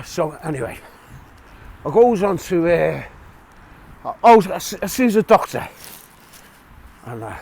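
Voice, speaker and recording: A middle-aged man from England tells a story out loud in a loose, rambling way, stopping to restart his sentences. His voice is gravelly and sits at a middle pitch. Faint outdoor noise runs behind him. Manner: rambling, chatty, with chuckles and restarts. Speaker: vlogger telling prison stories. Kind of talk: casual storytelling. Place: outdoors, walking a dog.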